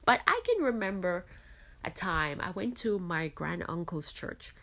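A woman's voice: lowish voice, sing-song, unhurried, bright, forceful tone. Earnest woman host from the islands. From Caribbean islands. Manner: earnest, reflective, frequent "you know". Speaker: podcast host. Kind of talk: faith-based podcast talk.

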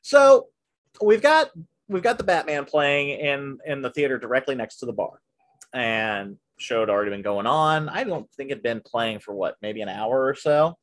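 A man hosting a podcast, casually telling stories about his work at a movie theater in an animated way, often laughing as he goes. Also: mid-range voice, normal speed. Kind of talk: casual storytelling chat.

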